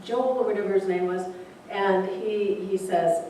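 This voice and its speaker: A woman's voice: mid-range voice, steady tone, unhurried, dark tone. Woman reverend in a very echoey room. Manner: conversational, speaks directly to the group. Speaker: reverend leading a spiritual group. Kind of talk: spiritual talk with storytelling. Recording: very echoey room, voice from a distance, faint noise.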